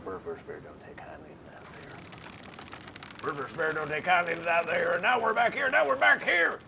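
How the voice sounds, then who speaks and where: A man playing a taunting trickster villain who speaks of himself in the third person, with wild swings between loud and soft. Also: a little high, big pitch swings, moderate pace, creaky, heavily acted. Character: menacing male trickster calling himself Bird versus Bear. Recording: noisy background.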